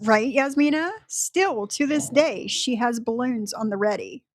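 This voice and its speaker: Woman, higher voice, slow talker, livestream co-host, teasing. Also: no room sound, studio quality.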